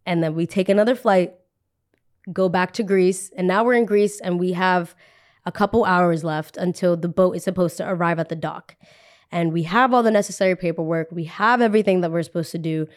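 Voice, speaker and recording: A woman's voice: lowish voice, moderate pace. A young adult woman hosting a podcast, telling a personal story in a casual, chatty way, repeating phrases for emphasis and saying "like" often.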